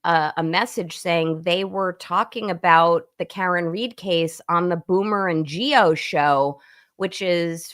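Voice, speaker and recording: A woman's voice: lowish voice, a bit bright. A woman speaking as a guest lawyer, giving long, earnest run-on explanations in casual chat over a remote call into a live stream.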